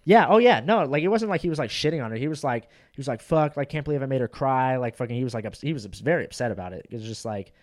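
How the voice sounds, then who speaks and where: A man's voice: medium pitch, expressive, quick pace, few pauses. Rambling, profane young man. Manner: rambling, profane, filler-heavy. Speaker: podcast host and stand-up comic. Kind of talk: casual chat.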